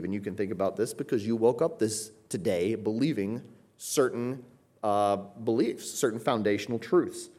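A man preaching a sermon as a pastor in church, explaining scripture in an emphatic, conversational way and often checking in with listeners with quick asides. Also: on the low side, darkish tone.

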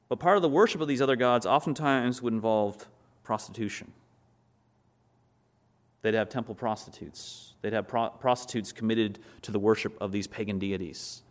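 A male pastor preaching a sermon, acting out quotes in animated storytelling with a son at home. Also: medium pitch, moderate pace.

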